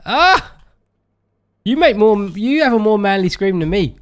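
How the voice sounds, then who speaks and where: A man's voice: high-pitched, lively intonation, brisk, a little mellow. Teasing man laughing through a game. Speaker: gaming host. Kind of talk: casual game commentary.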